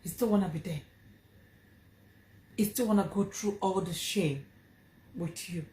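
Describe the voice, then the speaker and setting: A woman's voice: lowish voice, unhurried, mellow, roomy sound. A woman with a Nigerian accent telling a personal story to her vlog audience, earnest and emphatic, repeating phrases for stress. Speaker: vlogger.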